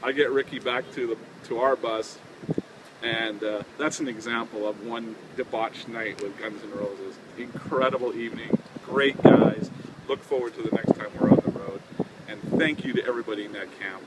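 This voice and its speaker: Man, chatty storyteller, laughs along, mid-pitched voice, clear wind noise from outdoors. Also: steady tone, normal speed. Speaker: touring band member telling a tour story. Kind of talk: casual anecdote.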